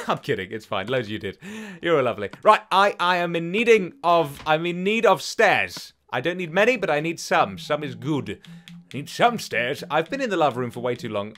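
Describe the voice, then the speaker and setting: A man's voice: mid-range voice, fairly bright tone. A young British man hosting a let's play from his bedroom, chatting in a rambling, easily flustered way. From United Kingdom. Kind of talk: casual gaming commentary. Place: home bedroom.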